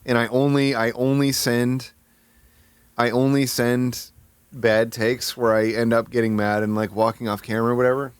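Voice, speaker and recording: A man chatting casually on a live stream. He swears often, thinks aloud, mocks himself and jumps into high outbursts. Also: moderate pace, smooth, no echo. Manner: excitable, swears a lot, sudden high-pitched outbursts; self-mocking, thinking aloud.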